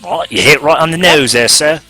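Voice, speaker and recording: A man's voice: fairly high pitch, a little fast, bright, forceful tone, soft background music. A man playing his character at a tabletop game, jovial and easygoing. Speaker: player. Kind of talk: tabletop role-play, casual.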